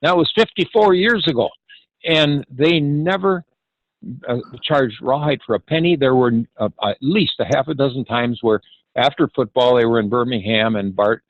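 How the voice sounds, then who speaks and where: With the highs cut off and no room sound, a man in his 80s narrates an anecdote about the ranch he founded. His mid-range voice falters with many hesitations as he acts out what people said.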